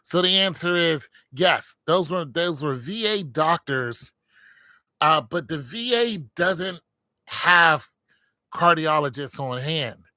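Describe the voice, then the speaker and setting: A man's voice: a little high, lively intonation, slow pace, pushed and bright, dry recording, studio quality. A middle-aged man, a military veteran, talking casually and candidly to his viewers, rambling with many fillers.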